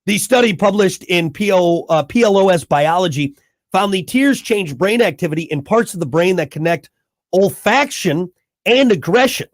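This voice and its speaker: Guy radio host, kinda high voice, rambles and jokes through the news. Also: expressive, moderate pace. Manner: jokey, rambling, slips into mock macho rants. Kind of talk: morning radio banter.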